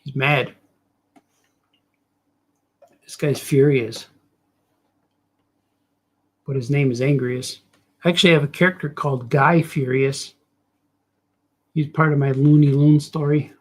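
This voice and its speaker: A man's voice: medium pitch, fairly even intonation, takes it slowly, long pauses. A middle-aged man, a cartoonist, chatting loosely as he draws, with joking, self-mocking asides. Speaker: cartoonist streamer. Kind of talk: rambling casual chat while drawing.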